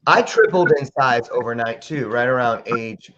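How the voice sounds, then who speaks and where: A man's voice: mid-range voice, lively intonation, moderate pace, highs cut off, noisy background. A man hosting a casual podcast interview, playful and joking. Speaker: podcast host.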